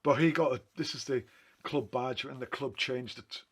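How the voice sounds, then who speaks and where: Man, mid pitch, easygoing photographer rambling through anecdotes with frequent restarts. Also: moderate pace, a bit bright, husky. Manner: rambling, self-correcting, chatty. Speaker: photographer talking through his photo book. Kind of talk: casual anecdotal storytelling.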